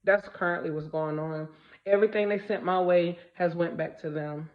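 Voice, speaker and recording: A woman's voice: fairly low pitch, fairly even intonation, moderate pace. Blunt, emphatic woman vlogger, muffled audio. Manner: emphatic, repeats phrases for stress; blunt, swears freely. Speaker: spiritual vlogger. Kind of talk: casual spiritual vlog monologue.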